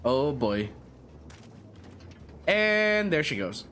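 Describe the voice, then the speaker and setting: A man's voice: a little high, very animated, extremely slow, sharp tone, slight background noise. A young man streaming a game, chatting playfully and reading its lines aloud. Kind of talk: live game commentary and dialogue reading.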